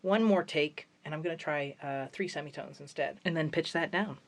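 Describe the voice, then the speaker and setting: A man's voice: fairly high pitch, moderate pace, soft background music. A man talking in a jokey, self-mocking way in a comedic vlog, working as a musician in his home studio. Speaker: musician vlogger.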